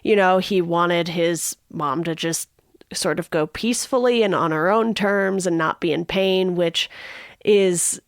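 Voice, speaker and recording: A woman's voice: lowish voice, unhurried, no echo, studio quality. A woman co-hosting a podcast, talking steadily and thoughtfully in a casual film discussion. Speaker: podcast co-host.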